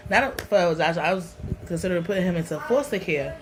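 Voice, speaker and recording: A New York-accented woman vlogger tells a personal story to camera, candid, emotional, and full of slang. Her voice is lowish, expressive, and fast, with a noisy background.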